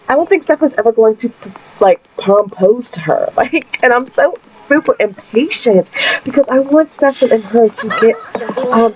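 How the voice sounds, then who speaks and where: A woman with a voice on the higher side narrates her life-simulation game in a loose, gossipy way. She peppers her talk with fillers and laughs, slipping into the voices of her characters' family dramas as she plays. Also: a little mellow, low-quality recording. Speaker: game streamer. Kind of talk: casual Sims gameplay narration.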